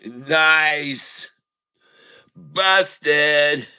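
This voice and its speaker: A man's voice: a little high, drawn-out words, pushed and bright, a little hiss or hum, low-quality recording. A middle-aged man hosting a casual livestream, telling jokes and chuckling at his own punchlines. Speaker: host of a trading stream.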